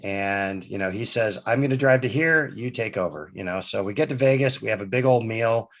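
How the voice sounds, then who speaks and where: On dull, lo-fi podcast audio, a male guest with a fairly low-pitched voice speaks at a brisk clip. His long personal story meanders casually, full of tangents and self-corrections.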